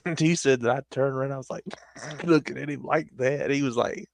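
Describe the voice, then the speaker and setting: A man's voice: medium pitch, normal speed, gravelly, no echo. A young man, rambling through stories in casual chat on a stream. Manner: rambling storytelling with frequent laughter.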